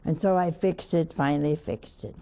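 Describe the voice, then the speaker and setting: A woman's voice: sits low, moderate pace, warm tone. An older woman, a nun, preaching a sermon by telling a homely story with wry asides.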